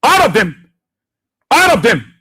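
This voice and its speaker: A man's voice: very high-pitched, wildly swooping pitch, a little slow, background noise. A man giving impassioned political commentary as a radio talk show host, repeating phrases for emphasis.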